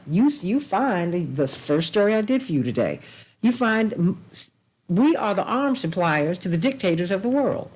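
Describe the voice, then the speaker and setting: A woman's voice: medium pitch, big pitch swings, moderate pace, a little mellow, husky, low-quality recording. A woman hosting a talk show and signing off, effusive and emphatic, repeating blessings and affection with a preacherly rhythm.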